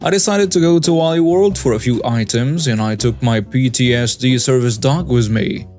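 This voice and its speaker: A man narrates stories in a steady, scripted reading voice. His pitch sits in the middle of the usual male range. Quiet background music plays beneath him throughout. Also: normal speed. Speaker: story channel narrator. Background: faint background music.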